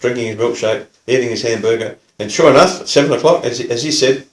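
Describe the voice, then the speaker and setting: A man, a former police detective telling an anecdote in an unhurried, plain way with dry humour. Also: mid-range voice. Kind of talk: casual spoken anecdote. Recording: echoey room.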